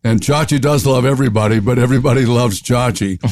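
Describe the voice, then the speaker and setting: Older Southern-raised radio veteran, interview guest, loves jokes and silly voices; dry close mic. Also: male voice, mid-range voice, fast, a little mellow, no echo. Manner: jokey, playful voices, laughs often. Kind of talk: storytelling interview.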